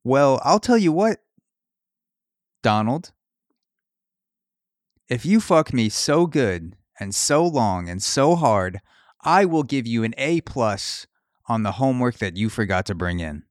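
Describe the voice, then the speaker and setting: A man's voice: mid-range voice, very animated, takes it slowly, pauses often, dry recording, clean studio sound. A man voicing a flirty adult woman teacher in a crude comic skit, in a raised, mock-sultry voice. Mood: teasing.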